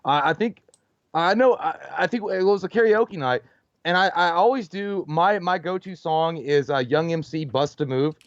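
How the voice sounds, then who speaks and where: High-voiced rambling man, dry close sound. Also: normal speed, no echo, dull audio. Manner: rambling storyteller, many restarts, acts out quotes, laughs often. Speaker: co-host of a movie channel. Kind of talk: casual podcast chat.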